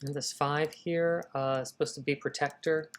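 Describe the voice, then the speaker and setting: A man with a somewhat high voice hosts a live writing session at normal speed, energetically thinking aloud and calling his viewers "y'all" in casual livestream talk. There's slight background noise.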